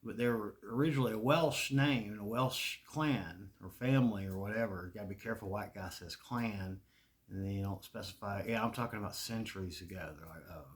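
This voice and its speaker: A man's voice: lowish voice, a little fast. A man with a Southern US accent, talking in a rambling, profane casual monologue and laughing often. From American South. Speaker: video creator.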